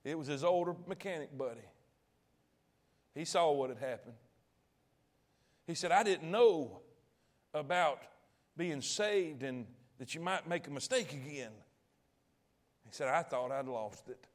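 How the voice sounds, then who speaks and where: A man preaching a sermon, telling a story in a folksy, colloquial way, swinging from loud to hushed and asking the audience questions. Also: a little high, lively intonation, unhurried, pauses often. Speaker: pastor.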